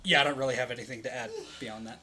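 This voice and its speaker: A man in casual banter with friends, animated and profane, rambling as he talks. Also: medium pitch, racing, a little hiss or hum.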